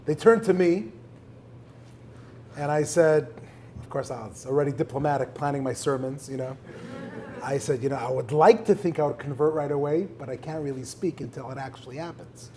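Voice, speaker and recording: A man's voice: fairly high pitch, moderate pace, warm tone, slight background noise. A man, a rabbi, interviewing a guest in front of an audience in a synagogue, telling stories with energy and quoting prayers in Hebrew. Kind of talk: live conversation before an audience.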